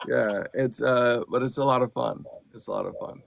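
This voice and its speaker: A man, an audiobook narrator and actor, chatting as a podcast guest in an animated way with lots of fillers. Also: medium pitch, normal speed, vocal fry, no room sound. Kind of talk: casual podcast chat.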